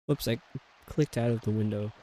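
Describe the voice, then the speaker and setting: A man's voice: on the low side, moderate pace, mellow, a little hiss or hum. A man streaming a video game, chatting casually and rambling with lots of fillers. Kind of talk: casual chat while playing a video game.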